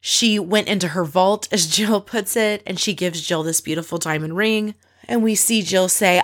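A woman host recapping a reality show episode in a chatty, opinionated way, with quick asides. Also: medium pitch. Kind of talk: casual recap chat.

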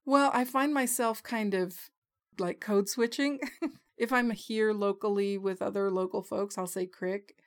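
A woman's voice: mid-range voice, measured pace. A woman interviewing a guest in a casual, curious and chatty way, laughing easily.

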